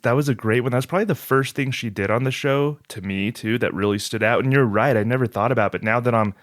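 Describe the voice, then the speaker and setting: A man's voice: mid-range voice, fast talker, no echo. A man hosting a podcast who chats casually and agreeably, often restarting his sentences. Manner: chatty, agreeable, with many restarts.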